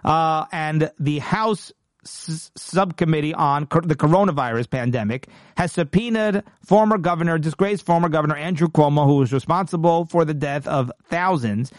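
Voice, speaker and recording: A man's voice: fairly high pitch, moderate pace, no echo, clean studio sound. Emphatic male political commentary host. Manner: emphatic and indignant, with frequent restarts.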